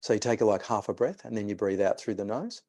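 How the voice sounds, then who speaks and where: A man's voice: lowish voice, fast, dark tone. A man, a mindset coach telling a client story and guiding a breathing exercise. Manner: storytelling, re-enacts conversations.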